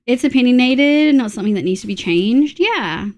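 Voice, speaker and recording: A woman's voice: a little high, lively intonation, moderate pace, a little mellow. A young Australian woman streaming live, chatting casually and bluntly with her chat while she plays, greeting viewers and humming as she builds.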